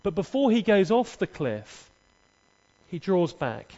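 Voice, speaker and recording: Animated preacher in a hall. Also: male voice, sits high, slow. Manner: dramatic storyteller, humorous asides. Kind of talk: sermon with acted dialogue. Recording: echoey, dull hall recording.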